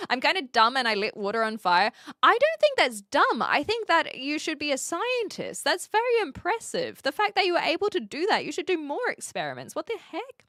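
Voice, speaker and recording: A woman's voice: sits high, normal speed, dry recording, studio quality. A woman from New Zealand with a mixed accent and an occasional Australian twang, chatting casually and playfully on a livestream as she reads out viewer comments. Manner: chatty and playful, with lively swings between a soft mumble and bright exclaiming. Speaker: streamer.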